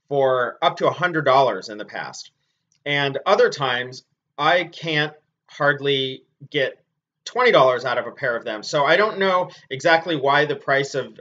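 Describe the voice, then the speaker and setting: Guy reseller chatting about stuff he sold, bright tense voice, lots of ums, kinda muffled lo-fi audio. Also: medium pitch. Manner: chatty and relaxed, with frequent ums and uhs. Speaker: clothing reseller. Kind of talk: casual product review vlog. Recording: dull lo-fi sound.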